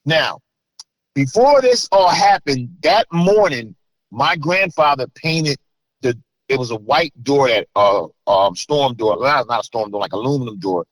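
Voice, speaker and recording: A middle-aged man from New Jersey, a guest in an interview, telling a story with animated bursts as he acts out voices. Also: mid-range voice, a little slow, no echo, rough recording.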